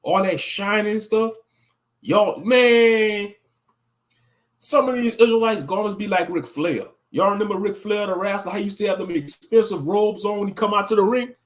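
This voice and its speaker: A man with a somewhat high voice preaches through his commentary. He scolds and mocks, leaning hard into each point. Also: moderate pace. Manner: impassioned, scolding and mocking. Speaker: online commentator.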